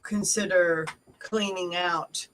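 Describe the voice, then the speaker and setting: A Southern woman co-hosting a casual chat, folksy and joking, quick to laugh. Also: fairly low pitch, fairly even intonation, fairly bright tone, recorded from a distance, slight background noise, rough recording. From American South. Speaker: co-host.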